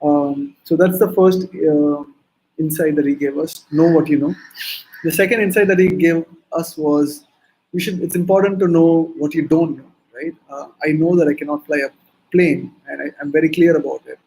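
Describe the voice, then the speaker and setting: A man's voice: fairly high pitch, steady tone, normal speed, dark tone, rough recording. Chatty Indian man giving a startup talk. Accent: Indian English. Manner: conversational, peppered with "right?" and "um". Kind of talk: conference talk.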